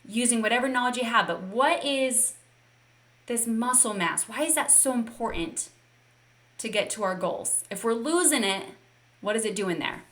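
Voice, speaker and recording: A woman's voice: on the high side, animated, moderate pace, a bit bright. A woman fitness coach leading a live online session, upbeat and encouraging and talking straight to her viewers.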